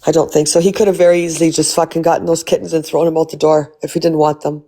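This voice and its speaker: A woman's voice: low-pitched, level tone, very fast, warm tone. A woman hosting a casual livestream, blunt and swearing freely as she asks rhetorical questions. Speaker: livestream host.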